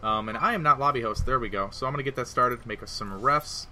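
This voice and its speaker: A man casting a live game as host, chatty and animated with the audience. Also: medium pitch, fast, a little hiss or hum. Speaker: esports caster.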